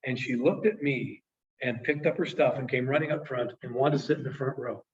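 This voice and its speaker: A man's voice: medium pitch, fairly quick. A man in his late fifties, a sales trainer telling an emotional story to a class in an earnest way. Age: 50s. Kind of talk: storytelling presentation. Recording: echoey, distant, dull room sound.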